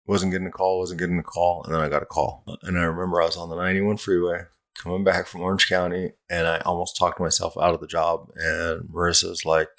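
Middle aged fire captain dude, super deep gravelly voice, blunt and swears a lot. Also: male voice, level tone, fast, a bit bright. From Southern California. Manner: blunt, profane, self-mocking storyteller. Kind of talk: casual storytelling interview.

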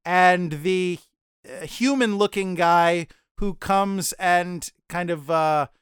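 A man's voice: high-pitched, slow, a bit bright, smooth, no echo, studio quality. A man co-hosting a podcast, recapping a TV episode in a rambling, self-deprecating way with mock-dramatic asides. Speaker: podcast co-host.

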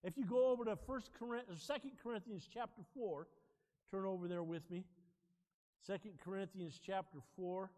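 A male pastor preaching a sermon, telling stories in an animated way and joking with his congregation. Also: sits high, normal speed, long reverb tail. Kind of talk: sermon with personal storytelling.

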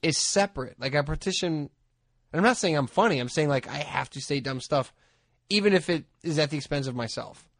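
A man's voice: fairly high pitch, lively intonation, brisk, fairly bright tone, dry recording, studio quality. A man co-hosting a casual podcast chat, jokey and rambling, often laughing. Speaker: podcast co-host.

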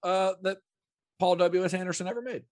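A man's voice: high voice, brisk, dry recording, clean studio sound. A man co-hosting a podcast, chatting casually about film trivia with plenty of fillers and restarts. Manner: relaxed, rambling with frequent fillers and restarts. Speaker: podcast co-host.

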